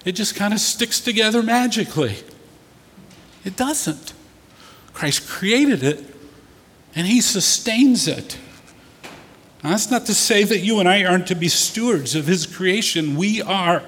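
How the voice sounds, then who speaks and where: A man's voice: sits high, a bit bright, slightly rough. A man preaching a sermon as pastor, acting out scenes and building to emphatic bursts. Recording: echoey hall with long reverb.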